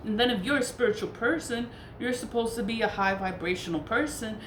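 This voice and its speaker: A woman's voice: fairly high pitch, a little fast. A woman telling a personal story in a casual monologue, blunt and profane, repeating herself for emphasis. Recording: echoey room with faint background noise.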